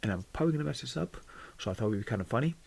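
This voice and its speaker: A man chatting casually to his YouTube audience in a soft-spoken, rambling, self-deprecating way. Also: medium pitch, expressive, very fast, creaky, slightly rough. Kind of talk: casual vlog chat.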